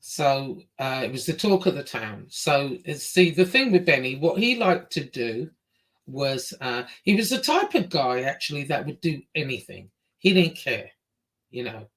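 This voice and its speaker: A woman from England with an English accent, telling a story in casual talk, bluntly and with some swearing, jumping up in pitch as she acts out what people said. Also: a little slow. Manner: lively, acts out quotes with big pitch jumps.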